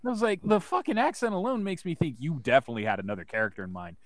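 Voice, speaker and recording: A man's voice: fairly high pitch, animated, racing, no echo. A man in a casual podcast chat, ranting emphatically and swearing.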